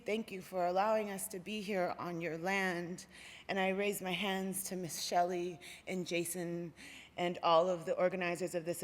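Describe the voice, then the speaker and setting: A woman's voice: a little high, fairly bright tone. A woman from the Pacific Northwest giving a heartfelt, earnest public talk on a lecture hall stage. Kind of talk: public speech. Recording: long hall reverb.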